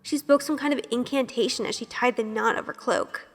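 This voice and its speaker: A shy, nervous young woman tells her story in an earnest inner monologue, often questioning herself. Her voice sits a little high and carries a long reverb, with soft music underneath. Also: a little fast. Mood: self-conscious. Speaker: narrator. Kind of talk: first-person audio drama narration.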